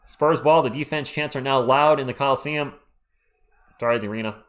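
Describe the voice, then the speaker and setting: A man, hoarse and losing his voice, doing fan play-by-play on a live stream and ranting about referee calls. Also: medium pitch, fairly quick, fairly bright tone.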